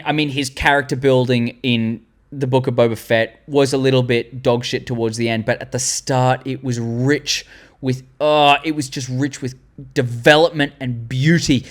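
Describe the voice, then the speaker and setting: An Australian man hosting a fan video, gushing excitedly about favorite characters and breaking into silly voices. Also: mid-range voice. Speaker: vlog host. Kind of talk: enthusiastic fan commentary.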